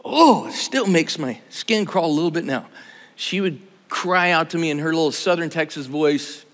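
A man's voice: fairly high pitch, expressive, normal speed, fairly bright tone. A man in his sixties preaching a sermon, talking casually and joking with his audience. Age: 60s. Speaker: pastor. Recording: long hall reverb.

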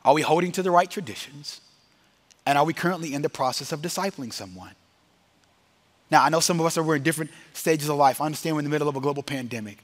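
A man preaching to a live congregation, his voice sitting a little higher than most men's. He presses his points with energy, laughs easily at his own slips, and slows right down into drawn-out solemn words for the closing blessing. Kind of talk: sermon. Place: chapel or hall with a live audience.

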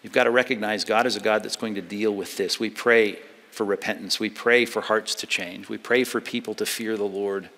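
A man preaching a sermon as pastor, moving between loud emphatic passages and hushed, low ones. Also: fairly even intonation, normal speed, hardly any pauses. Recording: long hall reverb.

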